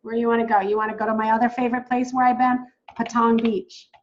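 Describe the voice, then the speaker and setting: A woman coaching new travel agents in a casual, excitable way, talking straight to viewers as "guys". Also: fairly high pitch, fast, lo-fi sound. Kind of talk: casual teaching while screen-sharing.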